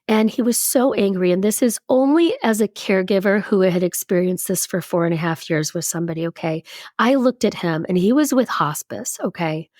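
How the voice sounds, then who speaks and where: A woman in her fifties, a podcast guest, telling a personal story in an animated way and acting out what people said. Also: mid-range voice, brisk, no room sound, studio quality. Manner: animated storyteller who acts out quoted speech.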